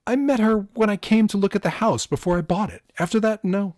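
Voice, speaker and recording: A man's voice: sits high, a little fast, darkish tone, no echo, studio quality, voice pushed up, lightly acted. A man voicing a nervous, cautious middle-aged Latino homeowner. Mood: wary. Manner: cautious, wary.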